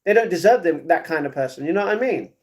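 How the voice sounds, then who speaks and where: A man's voice: a little high, expressive, fast, a little mellow. A man chatting casually on a livestream and giving viewers blunt, repetitive advice. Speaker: streamer. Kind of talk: casual livestream chat, reading viewer comments.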